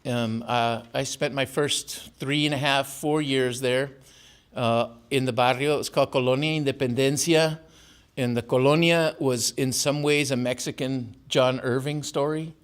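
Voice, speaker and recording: An older author, born in Tijuana and raised in San Diego, gives a storytelling lecture in a campus auditorium, telling wry family stories and laughing at his own jokes. His voice is smooth and medium-pitched, with fairly even intonation at a normal speed.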